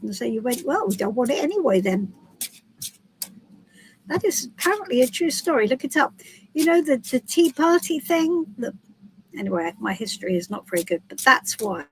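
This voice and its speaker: A woman's voice: fairly high pitch, slight background noise, poor audio. A woman from the UK hosting a casual live stream as a tarot reader, chatty and giggly with many restarts. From United Kingdom.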